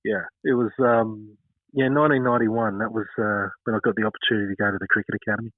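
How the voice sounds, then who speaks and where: A man's voice: fairly low pitch, fairly even intonation, fast talker, dry recording, phone-quality sound. A man in his fifties with an Australian accent, a former cricketer telling stories in an interview, rambling with many fillers. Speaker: former cricketer, podcast guest. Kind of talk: casual interview storytelling.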